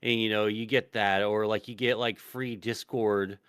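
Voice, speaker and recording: A man's voice: fairly low pitch, fairly even intonation, normal speed, fairly bright tone, clean tone, no echo, clean studio sound. A man hosting a podcast, talking in a rambling, profanity-heavy casual way. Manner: profane, rambling, full of fillers. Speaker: podcast host. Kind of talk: casual chat.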